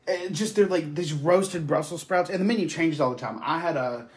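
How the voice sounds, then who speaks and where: A man's voice: a little high, moderate pace. A man, hosting a podcast, telling long profane stories in casual chat. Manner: profane, rambling storyteller. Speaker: podcast host.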